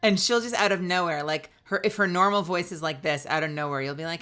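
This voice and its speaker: Woman streamer, low-ish voice, casual rambling chat, lots of fillers. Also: fast, pushed and bright. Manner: rambling, many fillers, laughs often. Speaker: streamer and voice actor.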